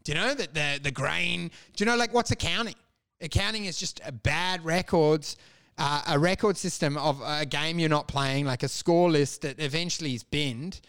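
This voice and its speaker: A man's voice: fairly high pitch, moderate pace, fairly bright tone, smooth, dry recording. A man in casual chat, ranting with lots of swearing and acted-out voices. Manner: profane, ranting, acts out voices.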